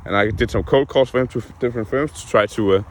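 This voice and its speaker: A man's voice: medium pitch, fast, a little hiss or hum. Young man venting in a casual vlog. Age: young adult. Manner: frank, heated, swears often. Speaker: vlogger.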